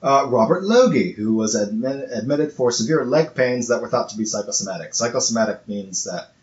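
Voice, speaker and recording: A man's voice: mid-range voice, animated, brisk, a little mellow. A man co-hosting a casual podcast, stumbling over repeated words as he reads testimonies aloud. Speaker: podcast co-host. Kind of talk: casual chat. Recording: echoey room, muffled lo-fi sound, faint hiss.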